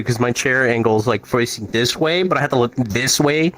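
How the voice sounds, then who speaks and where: A man's voice: medium pitch, moderate pace, soft background music. A young man co-hosting a podcast, joking and swearing a lot in casual banter. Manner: animated, swears a lot, jokey. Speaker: podcast co-host.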